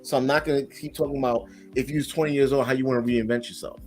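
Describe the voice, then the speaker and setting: Frank male creator, mid-pitched, casual chat, faint music underneath. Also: fairly even intonation, fast, darkish tone. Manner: blunt and frank, with swearing. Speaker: content creator.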